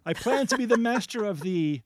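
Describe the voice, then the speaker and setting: A man's voice: high voice, fairly quick. A man hosting a playful word quiz on a radio show, joking and laughing often. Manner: animated, jokey, laughs often. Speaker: quiz host.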